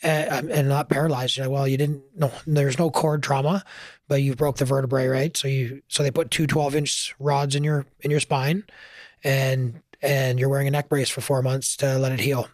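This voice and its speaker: A man's voice: mid-range voice, level tone, moderate pace, no echo, clean studio sound. A man telling his story in a casual interview, earnest and emotional, at times choking up. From Canada. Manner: earnest, emotional, gets choked up. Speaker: firefighter guest.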